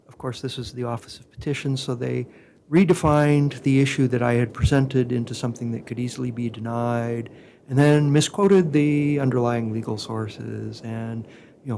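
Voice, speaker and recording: A man on a conference panel recounting a legal dispute in a dry, measured way. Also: mid-range voice, creaky, darkish tone, slight background noise. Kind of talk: anecdotal panel talk.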